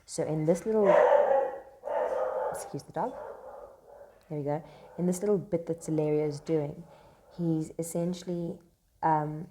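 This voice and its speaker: Low, mellow-voiced woman tutor. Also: slight background noise. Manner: chatty, many fillers, asks "right?". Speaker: literature tutor. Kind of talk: casual explanatory lesson with read-aloud quotes. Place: classroom with noise around.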